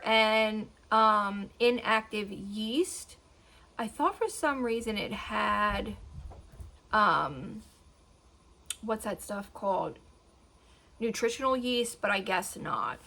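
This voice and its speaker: A woman's voice: on the high side, fairly bright tone. Chatty woman in her thirties, rambling. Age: 30s. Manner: chatty, rambling, talks to her dogs mid-sentence. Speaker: beauty vlogger. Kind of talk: casual chat.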